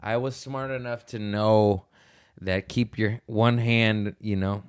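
Blunt, laid-back man with a clear voice. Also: on the low side, fairly even intonation, slow pace. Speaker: podcast guest. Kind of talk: casual chat.

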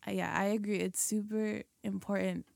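A woman's voice: mid-range voice, level tone, normal speed, creaky, darkish tone, no room sound. A woman co-hosting a podcast in casual chat, talking loosely with lots of "like" and "you know". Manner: chatty, fillers of "like" and "you know". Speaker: podcast co-host.

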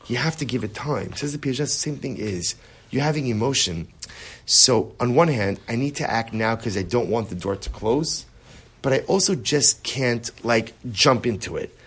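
A man teaching a Torah class, animated and rhetorical, often checking in with the listeners. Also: mid-range voice, breathy edge.

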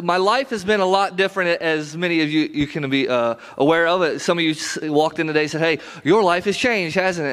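High-voiced guy in his 30s, pastor preaching casual and earnest at church. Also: a bit bright, clear, resonant tone. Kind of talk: sermon. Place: church sanctuary.

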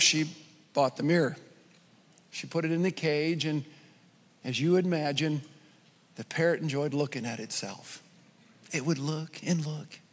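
A man preaching a sermon as a pastor, telling a joke in a conversational, lively storytelling way. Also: a little high, in a large hall.

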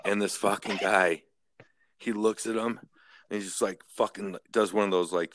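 A man casually telling a story to a friend, swearing a lot and jumping into a much higher voice to act out what others said. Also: normal speed, dry recording. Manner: profane, animated, mimics others with sharp jumps in pitch.

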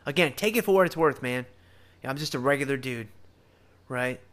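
A man's voice: medium pitch, fairly quick. A man with a Southern US drawl hosting a podcast, talking earnestly and casually about faith straight to his listeners. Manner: earnest, animated, addresses listeners directly. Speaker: podcast host.

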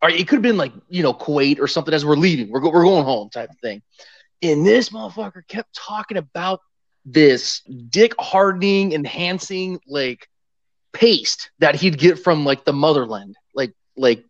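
A man's voice: on the high side, expressive, moderate pace, no echo, muffled recording. A man, a former Marine guest on a podcast, telling stories in a rambling, profane, laughing way. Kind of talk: casual storytelling chat.

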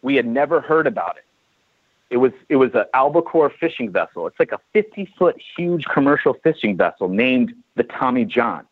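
A man's voice: medium pitch, big pitch swings, moderate pace, no room sound. A man in his forties from California, a chiropractor guest telling a story in a casual interview and acting out the dialogue. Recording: tinny phone-like dry line.

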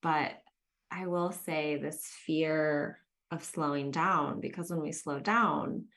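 Low, gravelly-voiced woman podcast host. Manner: earnest, reflective, storytelling. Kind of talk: casual podcast conversation.

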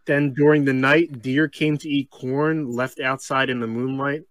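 A man's voice: mid-range voice, a little slow. Man reading a story with laughing asides. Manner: laughs mid-sentence, trails off into deadpan asides. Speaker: podcast co-host.

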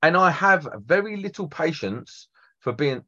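A man's voice: on the high side, animated, unhurried, bright, forceful tone. A man, a guest electrician telling blunt, sweary stories in casual chat. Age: 40s. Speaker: electrician guest on a trade podcast. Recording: dull lo-fi podcast audio.

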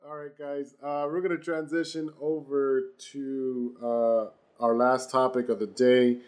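A man's voice: medium pitch, flat delivery, unhurried, darkish tone. Man host, casual sports chat, blunt delivery. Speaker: show host.

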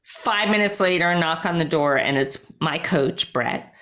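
Woman, middle-aged, lowish voice, interview guest, animated storytelling, emphatic, frequent "like". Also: measured pace. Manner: emphatic, lots of "like" and quoted self-talk. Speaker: guest, former triathlete and life coach.

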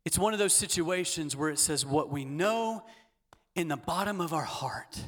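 A man preaching a sermon as pastor, leading the congregation in repeated declarations and swinging from hushed asides to loud, emphatic lines. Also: a little high, moderate pace. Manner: leads call-and-response repetition. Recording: long hall reverb.

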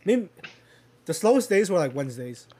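A man's voice: high-pitched, very animated, moderate pace, background noise. A young man in casual chat, telling a long rambling story full of fillers and swearing. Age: young adult. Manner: rambling, filler-heavy, swears, chuckles while telling stories.

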